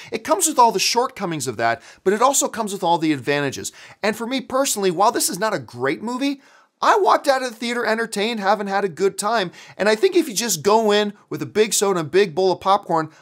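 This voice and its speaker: A man hosting a casual movie review vlog, chatty and animated, acting out his own reactions. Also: sits high. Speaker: movie vlogger.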